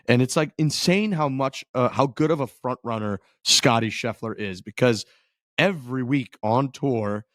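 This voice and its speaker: A man's voice: medium pitch, no room sound. A man co-hosting a golf podcast, talking in a rambling, casual way full of fillers. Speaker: podcast co-host. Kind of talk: casual chat.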